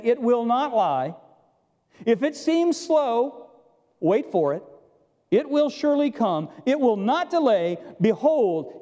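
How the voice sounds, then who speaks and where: A man preaching a sermon as pastor, emphatic, with drawn-out pauses on key words. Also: high voice, dark tone. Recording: echoey hall with long reverb.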